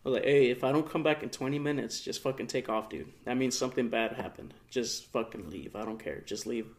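A fast-talking young man with a mid-range voice co-hosts a podcast and tells a casual story. His retelling is slangy, profane, and animated, with voiced quotes from the people involved.

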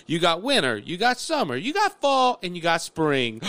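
High, lively commentator man. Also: fairly quick, hardly any pauses, no echo. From Louisiana, USA. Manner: animated, sarcastic, addresses listeners as folks. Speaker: political commentator, podcast host. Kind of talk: opinionated political commentary.

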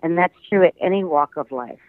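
Over a thin, tinny phone line, an older Midwestern American man with a somewhat high voice speaks a little fast. He's a guest actor in a casual phone interview, a chatty storyteller who laughs often. The sound is close and dry, with no echo.

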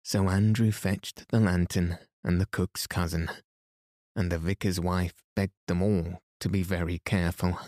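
A man with a low, deep voice reads a bedtime story aloud. He goes very slowly and stays calm and unhurried, barely rising or falling. The sound is close and dry. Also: no room sound. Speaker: bedtime story podcast host. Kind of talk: slow soothing bedtime reading.

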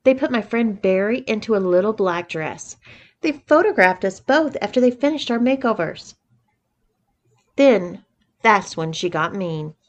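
A woman's voice: mid-range voice, expressive, unhurried, dull audio, close to an everyday voice. A woman reading the part of a sheepish young man recounting a story, matter-of-fact.

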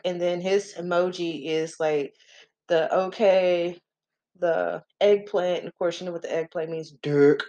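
A middle-aged woman hosting a podcast tells a story in a chatty, profane style, breaking into laughing asides. Her voice is lowish and a little mellow.

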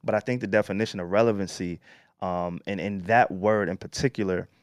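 Low-voiced man around thirty, measured. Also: fairly even intonation, clear, resonant tone, no room sound, clean studio sound. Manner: measured, asks "you get what I'm saying?". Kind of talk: casual chat.

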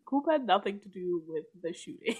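A woman chatting casually about a TV show, animated and laughing often as she acts out characters' lines. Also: mid-range voice, moderate pace, breathy edge. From part Jamaican family. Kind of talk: casual chat.

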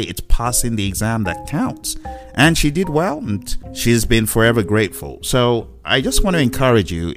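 Encouraging man over a music bed. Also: fairly low pitch. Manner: upbeat, encouraging, chuckles. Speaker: exam coach and radio show host. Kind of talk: motivational talk with a told story.

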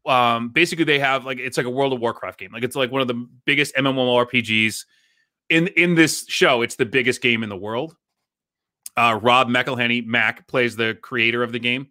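A man co-hosting a casual podcast, animated and rambling, laughing often. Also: mid-range voice, moderate pace, no room sound, studio quality. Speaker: podcast co-host. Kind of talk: casual chat.

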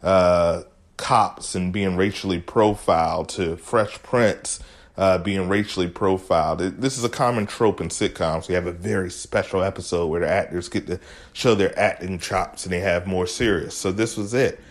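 A man's voice: low voice, steady tone, moderate pace. A man hosting a show, casually recapping a TV episode with enthusiasm and retelling scenes in his own words. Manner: enthusiastic, chatty, retells scenes with quoted lines.

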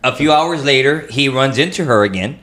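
A man's voice: mid-range voice, expressive, fairly quick, a bit bright. A man hosting a casual podcast, telling a story in a rambling way, with frequent restarts and laughter. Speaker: podcast host.

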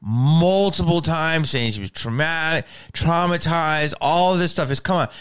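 Dude ranting on his podcast, cussing a lot, kinda high smooth voice, keeps restarting. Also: unhurried. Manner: profane, animated ranting with restarts. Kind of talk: casual ranting chat.

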